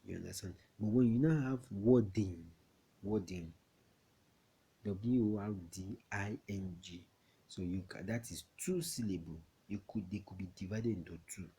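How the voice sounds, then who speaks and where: A man from Nigeria teaching a classroom English lesson, slow and repetitive, often checking that students understand. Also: low voice, mellow, a little hiss or hum.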